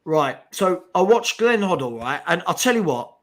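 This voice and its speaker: A man's voice: high voice, very animated, normal speed, a bit bright. Exasperated man hosting a football stream. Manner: exasperated, swearing, chatty with viewers. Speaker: host of a fan watch-along stream. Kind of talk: casual live football chat.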